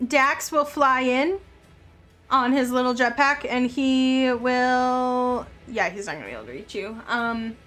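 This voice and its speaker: A woman with a high voice serves as game master for a tabletop game, narrating unhurriedly and filling pauses with ums. Good dice rolls set off bursts of excitement, and soft music plays in the background.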